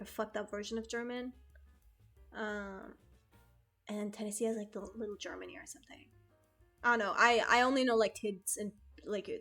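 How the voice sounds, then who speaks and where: Talking in a mid-range voice, this young non-American woman streamer rambles to her chat in a casual, excitable way, cursing freely and filling her talk with fillers.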